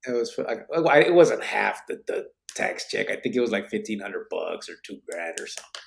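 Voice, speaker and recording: A podcast host with a lowish, lively voice and a touch of vocal fry talks a little fast as he reads live comments. He keeps it laid-back and casual, laughing often and dropping Spanish and barrio slang.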